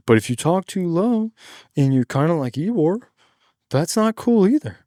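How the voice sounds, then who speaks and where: High-voiced man giving laid-back, slangy stage advice. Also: no room sound, clean studio sound. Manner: demonstrates stage patter by suddenly getting loud. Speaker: singer in a cover band. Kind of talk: casual advice monologue.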